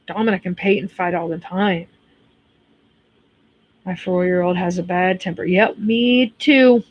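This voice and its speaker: A woman's voice: lowish voice, fairly even intonation, measured pace, lo-fi sound. Blunt chatty American woman. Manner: blunt, chatty, swears freely. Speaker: livestream host reading chat. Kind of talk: casual chat.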